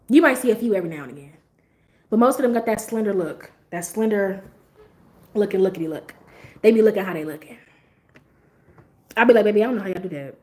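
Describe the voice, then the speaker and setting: A woman's voice: medium pitch, darkish tone. A young woman hosting a livestream, chatting casually to her viewers, blunt and profane and laughing often. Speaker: livestream host.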